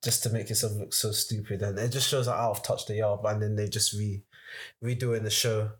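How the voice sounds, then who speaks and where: A young man in casual podcast chat, rambling through points with frequent restarts and getting animated when he is worked up. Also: lowish voice, brisk.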